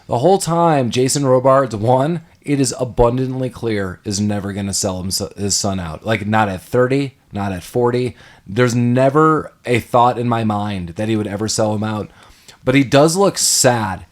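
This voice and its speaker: A man in a middle register hosts a relaxed movie discussion. He talks in an animated way, laughs easily, and slips into quoted lines from scenes as he recaps them. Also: medium pitch, measured pace. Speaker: podcast host.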